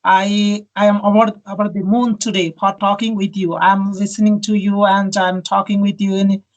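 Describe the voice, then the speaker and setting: Polite host in halting English. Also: medium pitch, level tone, muffled recording. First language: not English. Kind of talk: interview on a video call. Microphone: video call.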